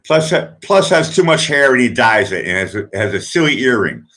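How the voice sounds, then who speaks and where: A man's voice: mid-range voice, big pitch swings, normal speed, bright, forceful tone. Rambling man in his fifties hosting. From Boston, USA. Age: 50s. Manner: rambling and chatty, with many restarts and asides. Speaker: host of an online music request show. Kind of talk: casual late-night livestream chat.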